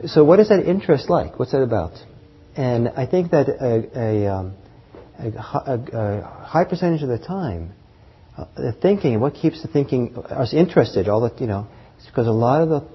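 A man giving a meditation class, talking gently and haltingly with many pauses, fillers and soft laughs. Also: medium pitch, breathy edge. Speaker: meditation teacher. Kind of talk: dharma talk to a class. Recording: muffled lo-fi recording.

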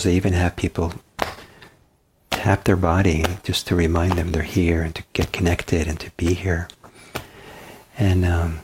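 A man giving a dharma talk as a meditation teacher, soft-spoken and halting, with many pauses and restarts. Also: low voice, noisy background.

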